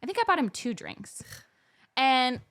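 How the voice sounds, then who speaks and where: A woman's voice: sits high, unhurried. A young woman co-hosting a podcast, telling a story in casual chat and acting out the quoted lines. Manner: animated, acts out quoted dialogue. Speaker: podcast co-host.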